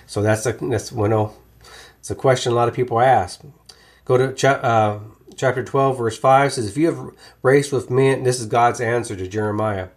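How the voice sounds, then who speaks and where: A man teaching from the Bible in a relaxed, conversational way, often restarting his sentences with fillers. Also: mid-range voice.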